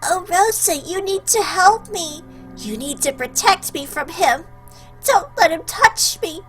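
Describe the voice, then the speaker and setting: Brief: a woman doing an unhinged young woman from a visual novel, high and bright, drawn-out tearful delivery. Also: expressive, faint music behind, heavily acted. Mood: tearful pleading. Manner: high, slow, tearful pleading. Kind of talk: visual novel read-aloud.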